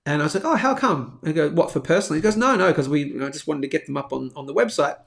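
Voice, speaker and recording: A man's voice: fairly high pitch, lively intonation, rapid-fire, gravelly. An Australian man in his thirties hosting a daily live stream, chatty and jokey as he reads out viewer comments. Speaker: host of a live bullion show. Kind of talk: casual live-stream chat.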